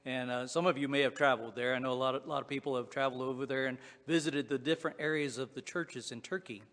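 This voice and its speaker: A man's voice: mid-range voice, steady tone, fast talker, fairly bright tone, long reverb tail. A man with a Southwest Virginia accent preaching a sermon in a folksy, conversational way, with frequent restarts and fillers. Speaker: pastor.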